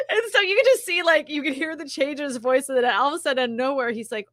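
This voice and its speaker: High-voiced chatty woman host. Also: brisk, pushed and bright, no echo, studio quality. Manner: chatty storyteller, laughs often. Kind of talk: casual livestream chat.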